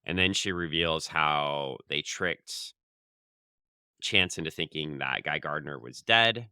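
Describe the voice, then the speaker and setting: Podcast co-host, male, low gravelly voice, crisp dry delivery, recaps plots at length. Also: slow, sharp tone, dry recording. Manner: summarizes the plot in long runs, reading quoted lines aloud. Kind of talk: casual comic book review chat.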